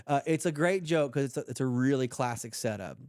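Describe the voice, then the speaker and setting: A man's voice: medium pitch, fairly quick, no echo, clean studio sound. Laughing, playful man on a podcast. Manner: playful, laughing, retells jokes with quiet storytelling voice. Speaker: podcast co-host. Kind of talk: casual chat.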